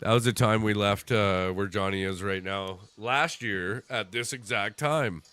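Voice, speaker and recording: A man hosts a casual livestream, chatting as he watches a hockey game; his voice is on the low side, smooth and fairly bright, with a measured pace and no echo. He jokes around, tells crude stories and laughs often.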